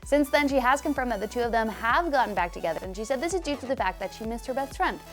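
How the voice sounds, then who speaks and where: A woman's voice: on the high side, animated, quick pace, a bit bright, soft background music. A young adult woman hosting an entertainment news show, presenting stories in a chatty, breezy way with personal asides. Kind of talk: upbeat scripted news presenting.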